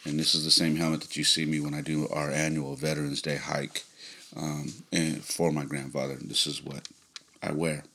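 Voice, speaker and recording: A man's voice: flat delivery, normal speed, bright, forceful tone. A man hosting a podcast, telling a personal family story in a rambling, casual way full of fillers. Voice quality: very deep, gravelly. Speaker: podcast host.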